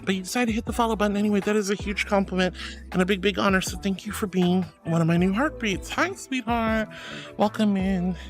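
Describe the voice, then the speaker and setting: A woman's voice: medium pitch, brisk, soft background music. A woman streaming casually, reading chat messages aloud and thanking viewers in a gushing, affectionate way.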